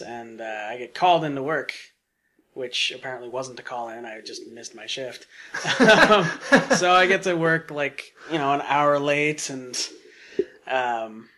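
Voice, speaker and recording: A man's voice: mid-range voice, sharp tone. A man telling a long casual story on a podcast, rambling with lots of fillers and asides. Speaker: podcast guest.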